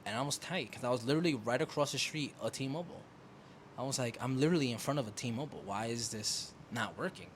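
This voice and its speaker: A man's voice: mid-range voice, fast talker, slight background noise. Casual young man telling a rant. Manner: animated storytelling, swears freely, acts out phone arguments. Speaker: podcast co-host. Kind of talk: casual chat.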